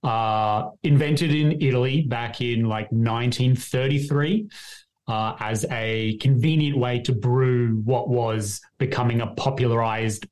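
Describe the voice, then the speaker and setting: A man with an Australian accent speaks as a podcast guest in a casual chat. His voice sits at an ordinary middle pitch, and he explains things in a relaxed, easygoing way. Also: a little slow. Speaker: guest, coffee seller.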